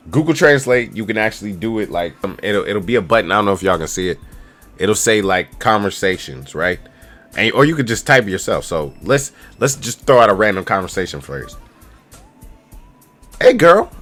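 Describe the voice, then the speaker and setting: A man's voice: on the low side, animated, fairly quick, fairly bright tone, faint music behind. A man in his twenties giving loose, slangy, rambling travel advice straight to camera as a casual vlogger. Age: 20s.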